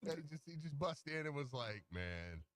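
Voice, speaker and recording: A man's voice: on the high side, fast talker, fairly bright tone. A man co-hosting a sports radio show and working as a basketball coach, talking in casual banter, laughing and retelling conversations with lots of fillers.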